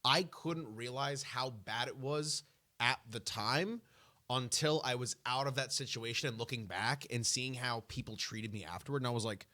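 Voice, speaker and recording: A man's voice: mid-range voice, moderate pace, bright, forceful tone, no room sound. Stammering man on a podcast. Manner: stammering, repeats words when starting sentences. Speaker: comedian and co-host. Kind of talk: casual chat.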